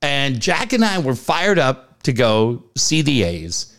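A man's voice: medium pitch, sing-song, takes it slowly, a bit bright. A middle-aged man co-hosting a podcast, telling stories in casual chat, acting out the dialogue and swearing freely. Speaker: podcast co-host.

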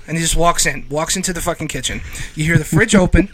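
A man co-hosting a podcast, telling animated, profane stories and laughing through them. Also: on the high side, fast talker, rough recording. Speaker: podcast co-host. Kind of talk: casual storytelling chat.

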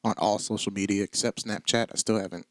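A man's voice: on the low side, fairly even intonation, fast talker, a bit bright, dry recording, clean studio sound. A man speaking as a playful guest on a casual podcast.

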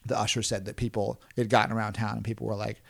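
Very fast and level-toned, a gravelly-voiced man, a clown performer appearing on a podcast, tells stories in a casual interview. He rambles through many restarts and chuckles, imitating others' panicked lines in a higher voice.

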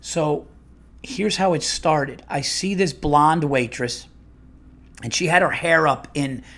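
Rambling, profane comedian telling stories. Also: male voice, a little high, takes it slowly, fairly bright tone. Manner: rambling, profane, many restarts. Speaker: comedian and podcast host. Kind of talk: casual storytelling monologue.

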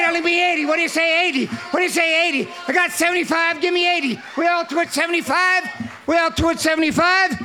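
A man runs a rapid, rattling auctioneer chant, calling out bid after bid. His voice is very high and forceful, and he shouts to carry over the room. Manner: loud, rattling off bids. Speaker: volunteer auctioneer.

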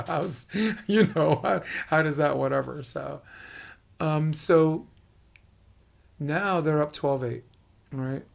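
A middle-aged man with a New York accent, hosting a casual interview and talking fast and animatedly. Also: fairly high pitch, vocal fry. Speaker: podcast host.

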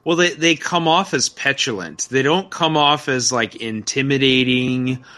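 A man in casual film review chat, animated and incredulous, rambling with many restarts. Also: mid-range voice, measured pace. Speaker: podcast co-host.

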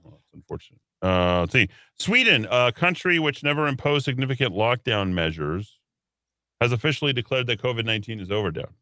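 A man's voice: medium pitch, expressive, a little fast, pushed and bright, no room sound. A man hosting a talk radio show, reading news items and adding sarcastic asides in a casual way. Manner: reads headlines then adds sarcastic asides.

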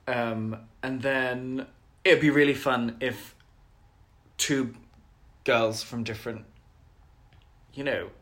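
A man co-hosting a casual podcast chat, playful and gossipy and quick to giggle. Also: mid-range voice, fairly even intonation, a bit bright. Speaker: podcast co-host.

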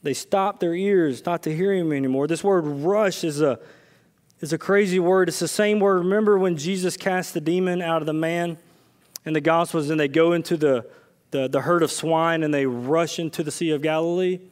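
A male pastor preaching a sermon in a conversational way, swinging between loud, excited bursts and hushed, low asides, with personal stories mixed in. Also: normal speed.

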